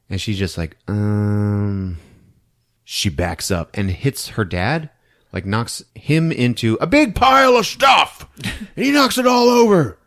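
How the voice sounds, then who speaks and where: A man's voice: fairly high pitch, very animated, measured pace, a bit bright. A man hosting a podcast, recapping a movie for laughs, often laughing and breaking into character voices. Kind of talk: comedic movie recap with acted-out quotes.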